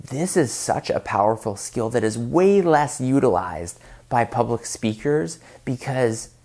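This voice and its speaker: A man giving public speaking tips straight to camera in an energetic, emphatic way, varying his volume for effect. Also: mid-range voice, a little slow.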